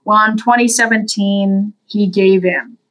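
A woman's voice: unhurried, poor audio. Earnest woman telling a story. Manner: animated, voices the people in her story with big pitch jumps. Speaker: guest from a veterans' services group. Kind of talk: storytelling in an interview.

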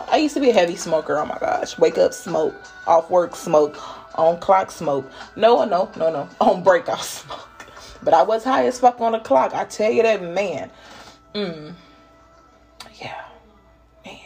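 Playful slangy woman channeling spirit. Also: lowish voice. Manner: playful, laughing, slangy, drifting between whispers and loud bursts. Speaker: spiritual reader channeling messages. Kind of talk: casual intuitive reading monologue.

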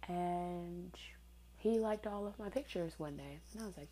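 A woman's voice: fairly low pitch, unhurried, dark tone, a little hiss or hum, rough recording. A woman in her twenties telling a personal story in a candid, sarcastic way, swearing casually. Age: 20s.

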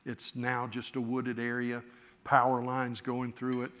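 A man's voice: medium pitch, completely flat delivery, a little slow, fairly bright tone. A man preaching a sermon, folksy and storytelling, correcting himself in easy asides. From Florida, US. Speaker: pastor. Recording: long reverb of a large hall.

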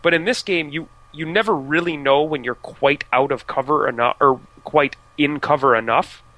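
A man from the United States co-hosts a casual video game podcast, talking loosely with restarts and fillers. At normal speed, his somewhat high voice sounds sharp, recorded with no room sound but poor overall quality.

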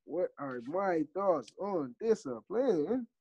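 A man's voice: high-pitched, sing-song, takes it slowly, a little mellow, slightly rough. A young man hosting a podcast in a hype, joking, slangy way. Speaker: podcast host. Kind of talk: casual podcast chat.

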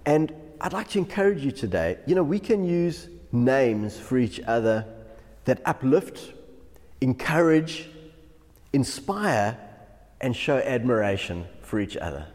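A man's voice: medium pitch, sing-song, a little slow, darkish tone. A man, a pastor giving a devotional sermon who often chuckles through his stories. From South Africa. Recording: long hall reverb.

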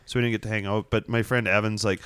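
A man's voice: on the low side, little pitch movement, fast talker, a bit bright, clear, resonant tone, no room sound. A man hosting a casual chat with friends, telling rambling stories and laughing often.

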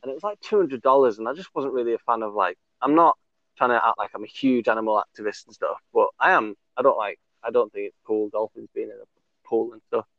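A man's voice: mid-range voice, fast talker, no room sound. A man hosting a casual chat, rambling through a story with fillers, swearing and frequent laughs. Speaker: podcast host. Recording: dull lo-fi recording.

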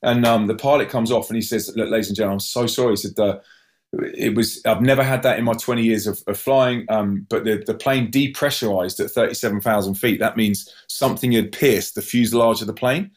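A man telling a personal story in an animated way, stumbling over restarts and acting out other people's cries. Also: brisk. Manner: acts out voices with sudden high yelps; many restarts and repeated words.

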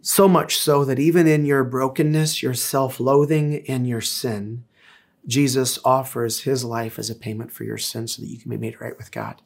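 A man's voice: medium pitch, fairly even intonation, moderate pace, gravelly. Earnest man preaching a casual sermon. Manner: earnest, conversational preaching with hesitations. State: tearful, emotional. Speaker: pastor.

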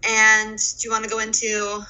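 A woman's voice: a little high, monotone, normal speed, pushed and bright, rough recording. A woman from Pennsylvania co-hosting a podcast in casual chat, talking emphatically. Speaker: podcast co-host.

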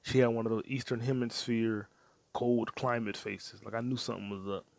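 A man's voice: medium pitch, little pitch movement, moderate pace, vocal fry. A man hosting a solo podcast, rambling crudely and profanely from one topic to the next while muttering to himself. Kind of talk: rambling casual monologue.

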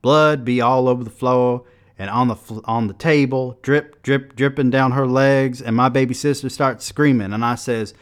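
A man's voice: mid-range voice, fairly even intonation, moderate pace, smooth, voice pushed up, close to an everyday voice. A man voicing an angry, troubled nineteen-year-old who bluntly tells a violent dream in street dialect. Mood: numb, violent.

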